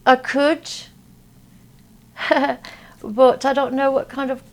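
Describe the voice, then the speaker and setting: A woman from Texas, a guest in an interview, talking in a halting way with many fillers. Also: high voice, little pitch movement. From Texas, USA. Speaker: interview guest, spiritual healer. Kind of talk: casual interview talk. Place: at a convention.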